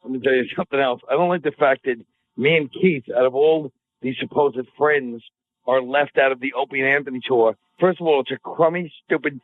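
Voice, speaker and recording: A man's voice: medium pitch, fairly quick. A man appearing as a podcast guest, ranting in a mock-angry, profane way through crude comedic banter. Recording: tinny phone-like audio.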